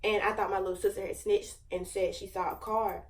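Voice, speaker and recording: A young woman in her late teens tells a story to her viewers in a chatty, slang-heavy way, piling on fillers and dramatic asides. Her voice sits at an ordinary middle pitch and is picked up from a little distance from the mic. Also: fairly even intonation, brisk. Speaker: vlogger. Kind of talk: casual storytime.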